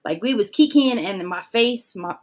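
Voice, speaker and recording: A woman from a big city, telling a story in a casual discussion. She is animated and plays out the voices of the people in her story. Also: mid-range voice, moderate pace. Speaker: podcast guest.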